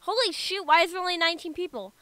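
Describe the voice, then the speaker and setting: A woman's voice: very high-pitched, quick pace, bright, forceful tone, no echo. A woman doing casual gameplay commentary, playful, reading game dialogue aloud. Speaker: gamer.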